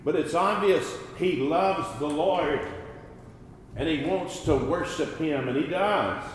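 A man preaching a sermon, slow and deliberate, rising and falling in force. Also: fairly high pitch, heavy reverb, in a large hall, a little hiss or hum, poor audio. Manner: slow, deliberate preaching with swells and drops in loudness.

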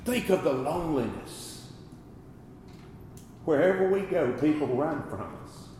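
A man preaches at a deliberate, unhurried pace, his voice swelling and dropping for emphasis. The sound is very roomy, with a long reverb tail as if he is in a large hall. A faint hum of background ambience sits underneath. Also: a little high, animated. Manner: slow, deliberate preaching with swells and drops in loudness. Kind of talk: sermon.

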